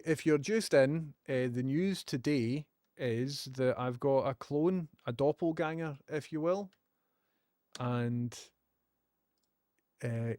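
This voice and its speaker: A man's voice: mid-range voice, a little mellow, no room sound, studio quality. A Scottish man chatting casually on a live stream, joking and laughing often.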